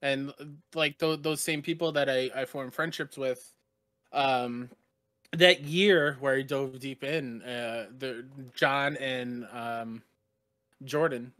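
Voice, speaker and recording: A man's voice: mid-range voice, steady tone, slow, a bit bright, dry recording. A man talking as a guest on a podcast, earnest and heartfelt, from Long Island, New York. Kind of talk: casual podcast chat.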